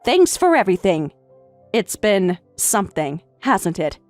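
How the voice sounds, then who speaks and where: A woman voicing a middle-aged stepmother, speaking in a calm, detached and formal way. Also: medium pitch, a little slow, dry recording, faint music behind. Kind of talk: story narration with voiced roles.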